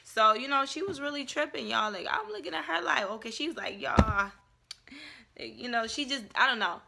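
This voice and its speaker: A young woman telling a casual story-time vlog in an animated, chatty way, full of "like". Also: sits high, fairly quick, vocal fry, very noisy. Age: young adult. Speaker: vlogger.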